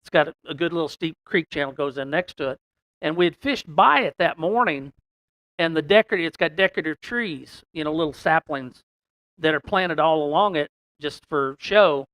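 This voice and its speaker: A man telling a long fishing story in a casual, folksy way, rambling with many "and, uh" pauses. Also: on the high side, expressive, a bit bright, dry recording. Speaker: podcast guest telling a story.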